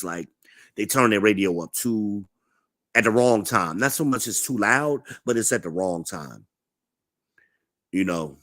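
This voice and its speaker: A man's voice: on the low side, fairly bright tone, no room sound, studio quality. A man in his forties telling blunt, profane stories in a laid-back, casual vlog monologue. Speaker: vlogger.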